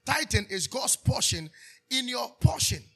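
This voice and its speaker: A man's voice: very high voice, big pitch swings, a little slow, gravelly, sharp tone, breathy edge. A man with a Ghanaian accent preaching a sermon as pastor, calling out questions for the congregation to answer and slipping into Twi. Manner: preaching with call-and-response questions, switching into Twi.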